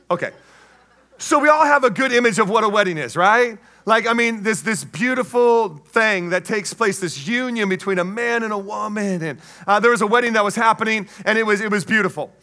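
A man preaching a sermon, telling a story in an animated way and acting out the voices. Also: sits high. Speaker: pastor.

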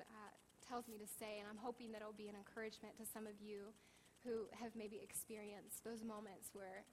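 A woman's voice: on the high side, long reverb tail, slight background noise, rough recording. A woman in her thirties preaching a sermon in a church, telling personal stories in a candid, conversational way. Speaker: pastor.

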